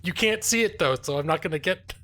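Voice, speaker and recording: A man's voice: a little high, expressive, quick pace, sharp tone, a little hiss or hum. A man streaming a video game live, chatting casually in a jokey, self-mocking way and laughing often. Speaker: gaming streamer and lawyer.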